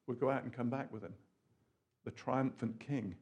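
A man preaching a sermon in an animated, rambling way, full of asides and questions to the audience. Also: medium pitch, moderate pace, husky, muffled recording.

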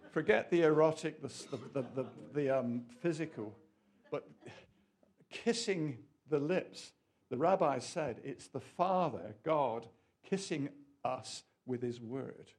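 A man preaching a sermon in an animated, rambling way, full of asides and questions to the audience. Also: a little high, slow.

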